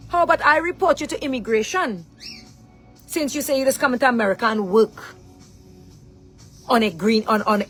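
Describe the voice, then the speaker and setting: Confrontational woman, high voice. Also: husky, poor audio. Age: middle-aged. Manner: confrontational, keeps asking "huh?" rhetorically. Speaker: mother addressing her daughter. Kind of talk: angry direct-to-camera rant.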